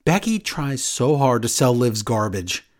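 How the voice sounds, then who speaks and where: Sarcastic woman recapping with lively pitch. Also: measured pace. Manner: sarcastic, exasperated, mocks quotes in silly voices. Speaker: wrestling podcast co-host. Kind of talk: casual recap chat.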